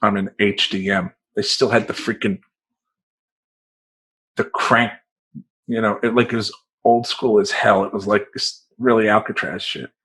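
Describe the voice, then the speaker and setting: A man who works as a life coach, telling a personal story in a profane, rambling, animated way. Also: lowish voice, a little slow, pauses often, breathy edge, low-quality recording.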